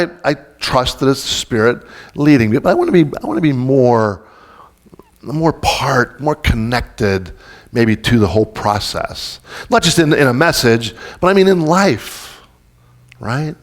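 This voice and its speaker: A male pastor delivers his sermon like a conversation. His voice sits at an ordinary pitch. He keeps stopping to restart his thoughts and tosses questions out to the congregation. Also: animated, normal speed. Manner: informal and searching, with frequent restarts and questions to the congregation.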